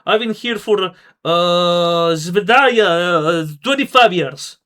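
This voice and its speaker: A man's voice: high-pitched, bright, forceful tone, full character voice. Man doing a sleazy cab-driving hustler. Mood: boastful. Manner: wheedling fast sales patter, broken English. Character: pushy sleazy male cab driver hustler.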